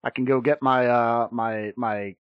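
A man's voice: mid-range voice, steady tone, measured pace, clean tone, dry recording, muffled recording. A man hosting a tabletop gaming podcast who chats casually, laughs easily and stumbles over his words. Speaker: podcast host.

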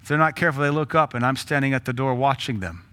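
A man's voice: mid-range voice, quick pace, sharp tone, smooth. A man preaching a sermon as pastor, blunt and joking, with rhetorical questions and laughs between points. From Tennessee.

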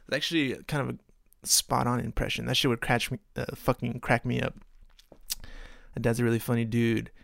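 A man's voice: mid-range voice, flat delivery, brisk, gravelly, fairly bright tone, no room sound, studio quality. A man from Texas hosting a podcast, rambling in a profane, self-mocking way. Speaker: podcast host. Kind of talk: casual podcast monologue.

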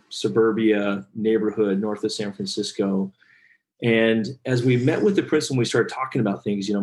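A middle-aged man, a guest speaker and author, telling stories in an earnest, heartfelt way during a podcast interview. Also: lowish voice. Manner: earnest, animated storyteller, gets choked up.

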